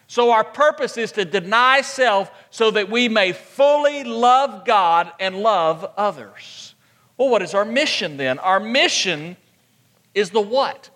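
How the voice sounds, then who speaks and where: A man's voice: high voice, animated, slow, sharp tone, long reverb tail. A man preaching a sermon as pastor, asking rhetorical questions and repeating points for emphasis.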